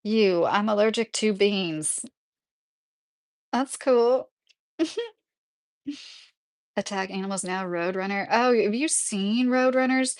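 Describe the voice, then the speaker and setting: A woman's voice: medium pitch, slow, pauses often. A woman hosting a casual live stream from her rural home, rambling through stories with lots of fillers as she answers her chat. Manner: chatty, rambling, with frequent fillers.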